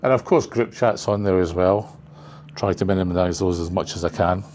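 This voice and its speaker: Older male trainer, lowish voice, rambling and casual, faint room hum. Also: moderate pace, a little mellow. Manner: rambling, chatty, full of asides. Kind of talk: casual presentation to a class.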